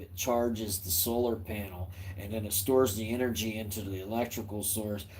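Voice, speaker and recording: A man's voice: lowish voice, a little mellow, slight background noise, rough recording. A man talking casually on a livestream at night from indoors by a window, rambling in an easygoing way and chuckling often. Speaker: livestream host talking to chat and his young son.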